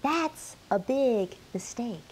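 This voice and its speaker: A woman's voice: fairly high pitch, animated, slow, darkish tone, a little hiss or hum. A middle-aged woman teaching a health lesson straight to camera, emphatic and quizzing the viewer. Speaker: menopause health educator.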